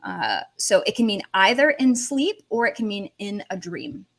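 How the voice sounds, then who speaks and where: A woman teaching a language lesson on a livestream, animated, switching between languages as she explains. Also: medium pitch, moderate pace, vocal fry. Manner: animated, switches between English, Russian and Portuguese.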